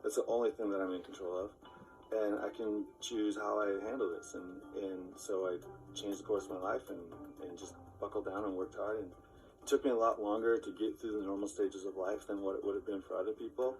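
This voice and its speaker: Man, lowish voice, earnest and reflective, distant mic, faint music. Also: fairly even intonation, a little fast, a little mellow. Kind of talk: personal story.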